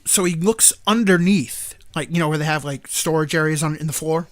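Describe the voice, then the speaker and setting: A man hosting a live stream show, rambling through a movie plot in a casual, animated way with frequent laughter. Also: a little high, a little fast, dry recording. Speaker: show host.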